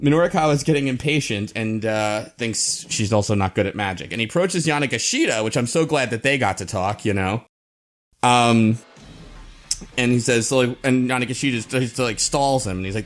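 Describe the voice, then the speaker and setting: A man at a middling pitch co-hosts a podcast. He gives a loose, rambling recap from his notes. He keeps breaking into small chuckles. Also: expressive, fairly quick. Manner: rambling, with many fillers and restarts and frequent chuckles. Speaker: podcast co-host.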